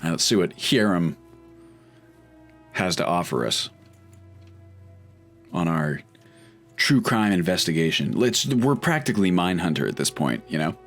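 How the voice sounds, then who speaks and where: Deep-voiced man chatting over gameplay. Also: lively intonation, a little slow, long pauses, soft background music. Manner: chatty, wry, thinks aloud while playing. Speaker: let's play host. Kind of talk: casual gameplay commentary.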